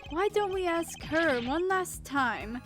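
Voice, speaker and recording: A woman's voice: very high-pitched, animated, slow pace, over music, pitched above the performer's own voice, full character voice. A woman voicing a pompous older man in a courtroom, condescending and calling others "dear boy". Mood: smug. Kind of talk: reading game dialogue aloud.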